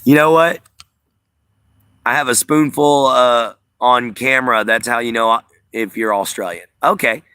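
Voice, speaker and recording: A man's voice: medium pitch, a little slow, bright, forceful tone, clear, resonant tone, dry recording. A man hosting a casual live stream, rambling to his viewers with lots of fillers. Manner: rambling, filler-heavy, talks to chat. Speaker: livestream host. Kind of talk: casual livestream chat.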